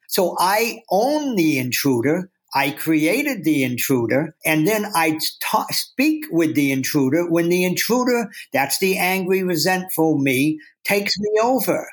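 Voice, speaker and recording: A man's voice: fairly high pitch, big pitch swings, measured pace, few pauses. A man talking earnestly as a guest author, acting out the inner voices he describes. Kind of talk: reflective interview talk.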